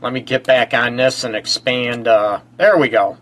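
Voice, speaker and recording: A man hosting a live-streamed relationship advice show, hoarse and stuffy from a cold, chatting loosely with lots of fillers and greeting viewers. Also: mid-range voice, steady tone, normal speed, fairly bright tone. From Michigan. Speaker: relationship counselor and show host.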